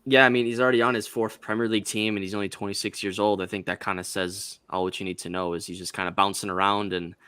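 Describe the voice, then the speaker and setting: A man's voice: fairly low pitch, little pitch movement, fast, few pauses, bright, forceful tone, smooth, no room sound. An American man on a casual panel chat who rambles and hedges with many restarts. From United States.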